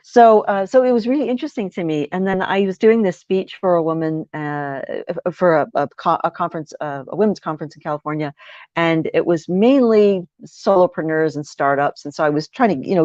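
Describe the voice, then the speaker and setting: A woman business speaker telling stories as an interview guest, lively and full of quick restarts and acted-out quotes. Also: fairly low pitch, no echo. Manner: lively, repeats words and restarts, acts out quotes. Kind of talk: animated storytelling in an interview. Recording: dry, dull lo-fi sound.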